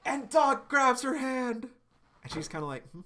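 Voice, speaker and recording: A man's voice: very high-pitched, very animated, a little slow, bright, forceful tone. A young man hosting a live stream, casually narrating webcomic panels aloud with lots of fillers.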